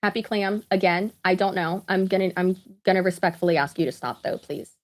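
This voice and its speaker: A woman's voice: on the low side, a little fast. A woman, chatting casually on a live stream with lots of asides, fillers and laughter. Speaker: vlogger.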